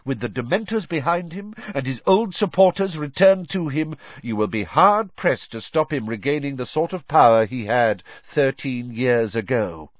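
Man doing a grave, steady old wizard, lively pitch, muffled dry recording. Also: no room sound, natural voice. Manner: steady, insistent, measured. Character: calm, grave old male headmaster wizard.

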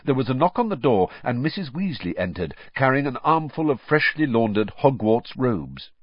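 A man reads a story aloud with a husky voice, his pitch rising and falling widely as he acts out the lines. The sound is dull and slightly lo-fi, dry and close with no room echo. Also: moderate pace. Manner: expressive, lively reading. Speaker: audiobook narrator. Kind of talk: scripted storybook narration.

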